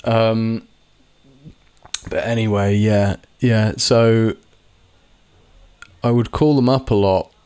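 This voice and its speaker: Young man, low voice, casual rambling monologue, dry close sound. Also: fairly even intonation, slow pace, pauses often, darkish tone, smooth, dry recording. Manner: rambling, swearing, many restarts. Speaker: vlogger.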